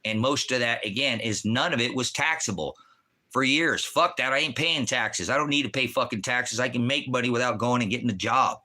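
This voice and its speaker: Middle-aged male online preacher, furious profane rant, bright forceful voice. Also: medium pitch, brisk. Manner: profane, fiery, heavy swearing. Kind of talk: angry ranting monologue. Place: rural home.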